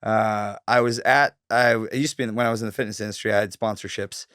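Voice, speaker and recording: A man's voice: on the low side, fairly even intonation, fast talker, fairly bright tone, clear, resonant tone, no room sound, studio quality. A man from Northern Canada, telling a story as a podcast guest in a laid-back, heavily cursing way. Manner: laid-back, heavy swearing, fillers like "like". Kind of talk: casual storytelling.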